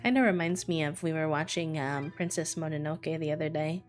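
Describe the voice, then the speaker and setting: A woman's voice: low-pitched, fairly quick, soft background music. A young woman casually chatting to her live-stream audience while playing a farming game. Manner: relaxed, chatty, talks to chat between tasks.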